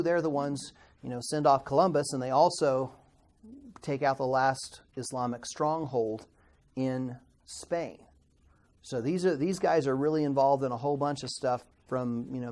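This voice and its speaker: A man's voice: mid-range voice, a little mellow. A middle-aged man teaching a classroom history lecture in a conversational way, asking the class questions and stumbling over hard words. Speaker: Bible institute teacher.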